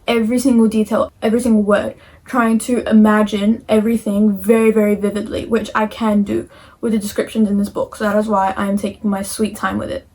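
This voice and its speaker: A woman's voice: medium pitch, darkish tone, low-quality recording. A teenage girl chatting casually in a reading vlog, gushing and dramatic about a book. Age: teens. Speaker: reading vlogger.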